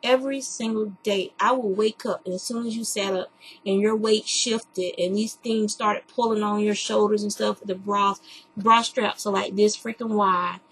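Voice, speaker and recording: Gravelly-voiced woman telling a candid story. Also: medium pitch, normal speed, low-quality recording. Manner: candid, chatty, animated retelling. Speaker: podcast host. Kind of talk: casual storytelling monologue.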